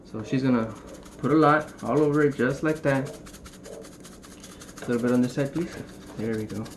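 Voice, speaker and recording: Joking young man demoing brisket prep. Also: medium pitch. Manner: joking, rambling, swears casually. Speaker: home cook showing a brisket recipe. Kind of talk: casual cooking demonstration. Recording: noisy room ambience.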